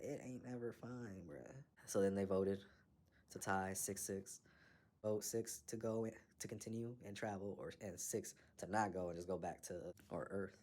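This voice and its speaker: A man's voice: fairly low pitch, fairly even intonation, normal speed, dark tone. Profane, slangy man recapping an anime. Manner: slangy, profane, laughing, acts out characters. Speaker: anime reviewer. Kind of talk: casual recap with commentary.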